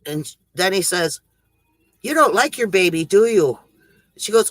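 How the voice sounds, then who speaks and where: A man's voice: high-pitched, expressive, normal speed, a bit bright, dry recording, rough recording. A man casually telling corny jokes on a livestream, chuckling at his own punchlines and rambling through them. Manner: rambling, self-interrupting delivery. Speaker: livestream joke teller.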